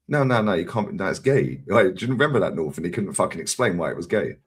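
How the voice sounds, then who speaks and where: A man's voice: deep voice, big pitch swings, fast, husky. A man with a London accent, co-hosting a fan stream and telling stories in casual chat, laughing and swearing freely. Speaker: co-host of a football fan channel.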